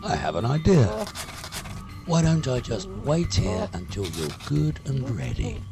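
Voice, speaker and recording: A man voicing a weary, passive-aggressive male hero in an adventure game, speaking with dry, flat politeness. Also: mid-range voice, measured pace, creaky, over music, exaggerated voice.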